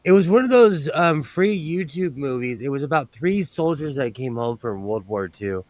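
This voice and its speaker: A man with a fairly high voice hosts a casual chat while sewing. He rambles and tells stories with animation. The sound is close and dry, with little room in it. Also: lively intonation, moderate pace, darkish tone, no room sound. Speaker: host.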